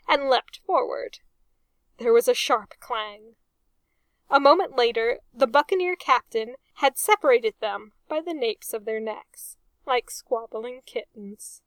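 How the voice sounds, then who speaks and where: Slow, amused woman reading a story. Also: on the high side, fairly bright tone, dry recording. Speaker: narrator.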